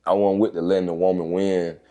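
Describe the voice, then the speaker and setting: Deep mellow man telling stories. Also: little pitch movement, a little fast. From Atlanta, Georgia, USA. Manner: profane, laid-back storyteller who acts out the dialogue. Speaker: guest, rapper and reality TV personality. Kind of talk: casual storytelling interview.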